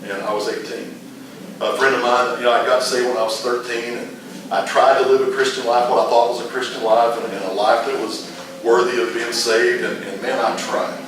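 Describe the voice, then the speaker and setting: A man's voice: mid-range voice, little pitch movement, brisk. A middle-aged man teaching a casual Bible class, rambling through stories with frequent restarts. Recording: echoey room, mic far off, noisy.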